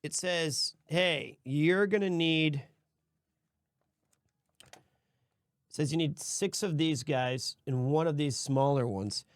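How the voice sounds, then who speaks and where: Man, streamer host, casual rambling chat, slightly high voice, dry close sound. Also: takes it slowly, long pauses, clear, resonant tone, dry recording. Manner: rambling, self-correcting, easygoing. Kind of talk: casual chat while building a model set.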